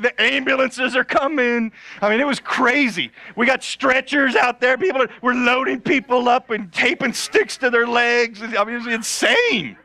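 A male pastor telling a funny story in a sermon, animated and laughing often. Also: extremely high pitch, no room sound.

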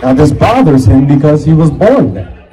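A man's voice: a little high, moderate pace, rough recording. A young man doing a stand-up comedy set on stage, working the crowd and acting out voices. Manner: animated crowd work, acts out voices. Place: comedy stage before a live audience. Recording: live crowd laughing. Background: audience laughter.

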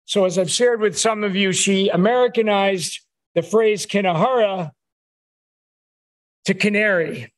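A man's voice: high-pitched, a little slow, pauses often. A man, a rabbi, giving a conversational sermon in a synagogue, telling wry stories. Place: synagogue sanctuary.

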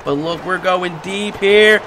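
High lively young male game commentator, noisy background. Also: takes it slowly. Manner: animated, shouts and laughs at plays. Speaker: gaming channel host. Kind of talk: excited gameplay commentary.

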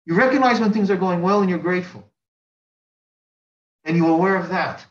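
A man's voice: high voice, fairly quick, long pauses. A man, a rabbi, teaching a religious class in a rhetorical way, stacking repeated phrases and rising sharply for emphasis. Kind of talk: religious lecture. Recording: roomy, distant mic, dull sound.

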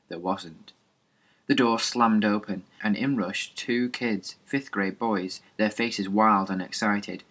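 A man's voice: lowish voice, slow pace, a bit bright. A man reading a novel aloud as an audiobook, plainly, with small slips and restarts. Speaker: reader.

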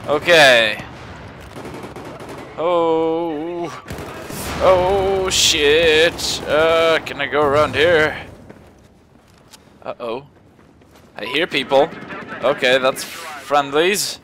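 A gaming commentator with a slightly high, sharp-toned voice gives casual gameplay commentary in a put-on, mock-genteel accent. He's jumpy, drawing out his words and leaving long pauses between frequent startled exclamations. There's slight background noise.

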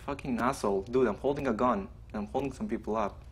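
A man streaming a role-play game, commenting excitedly, swearing and laughing as he plays at his computer. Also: medium pitch, quick pace, slightly rough.

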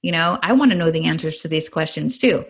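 A woman's voice: low-pitched, animated, quick pace, breathy edge. Earnest woman telling her story. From California. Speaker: guest. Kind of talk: personal testimony in a podcast interview.

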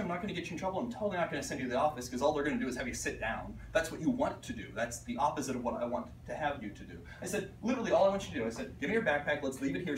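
A fairly high-voiced man from Pittsburgh tells classroom stories to a room of teachers, playing out the voices of students and parents. He talks in an animated way and keeps asking "right?" The recording is roomy and picked up from some way off, with faint room noise behind him. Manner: animated storyteller, acts out voices, frequent "right?". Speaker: art teacher presenting at a conference. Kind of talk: conference talk to teachers. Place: conference room. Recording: echoey room recorded from a distance.

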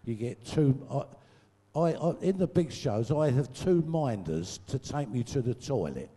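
A man's voice: medium pitch, very animated, a little slow, dark tone. Older man telling bawdy stories in an echoey hall. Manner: earthy, swearing, laughs at his own jokes. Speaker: guest storyteller. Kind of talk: comic stage anecdotes. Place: large venue, live audience show.

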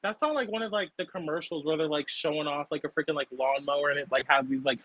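A young woman chatting casually as she walks through a makeup tutorial on camera, full of fillers and quick to burst out laughing. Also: sits low, dull audio, a little hiss or hum. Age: young adult. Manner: chatty, filler-heavy, breaks into loud laughter. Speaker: makeup artist guest. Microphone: laptop or phone camera.

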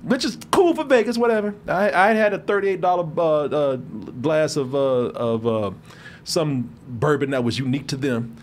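A man's voice: fairly high pitch, normal speed, few pauses, slight background noise. A man from Texas, a show host, telling a story in casual chat and acting out the people in it. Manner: animated, acts out the people in his story.

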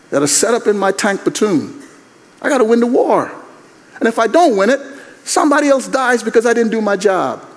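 A man doing a gruff soldier brother. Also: high voice. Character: gruff soldier big brother, tank commander, blunt and dismissive. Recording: echoey hall.

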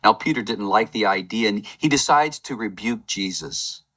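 Lower-voiced man telling a sermon story. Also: normal speed. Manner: lively storytelling with game-show asides. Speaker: lay preacher. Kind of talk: Palm Sunday sermon.

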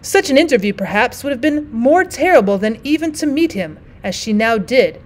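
Teacher-narrator for an audiobook, a woman with a fairly high voice, steady and expressive reading. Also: normal speed.

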